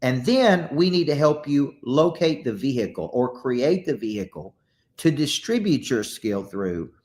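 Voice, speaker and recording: A middle-aged man with a Southern US accent, a business coach and author giving a motivational talk, telling stories with energy and frequent restarts. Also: mid-range voice. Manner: energetic storytelling with repeated restarts.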